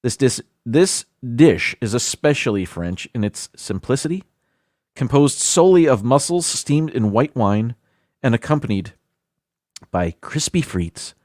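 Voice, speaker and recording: A man's voice: medium pitch, big pitch swings, unhurried, darkish tone, dry recording, clean studio sound. A man hosting a casual livestream, reading a countdown list aloud with chatty asides and self-deprecating stumbles over foreign words. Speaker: livestream host.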